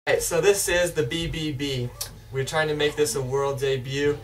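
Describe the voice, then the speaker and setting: A man's voice: a little high, steady tone, moderate pace, far from the mic, poor audio. A man hosting and introducing a web show in an enthusiastic, loose way. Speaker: host. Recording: voice from afar.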